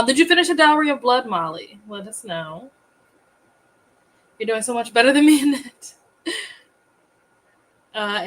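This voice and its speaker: A woman hosting a casual livestream, chatty and quick to laugh as she greets viewers. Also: mid-range voice, a bit bright, slight background noise, low-quality recording. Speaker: livestream host.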